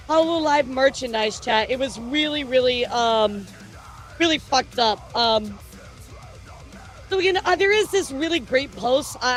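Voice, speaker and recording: High-pitched rambling woman streamer. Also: fairly bright tone. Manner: rambling, jokey, lots of fillers and restarts. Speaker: streamer news host. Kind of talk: casual news commentary to chat.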